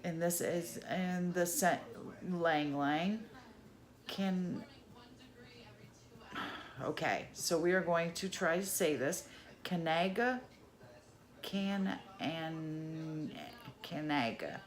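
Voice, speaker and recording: Middle-aged female vlogger, slow unhurried unboxing chat, slightly low pitch, enthusiastic asides. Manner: chatty, exclaims over items, laughs at own mispronunciation.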